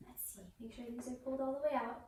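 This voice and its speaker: A woman's voice: high-pitched, steady tone, racing, heavy background noise. A young woman leads a yoga class with a toddler at home, coaxing the child in a sing-song voice. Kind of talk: playful class led with a toddler. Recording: roomy echo, voice from far off the mic.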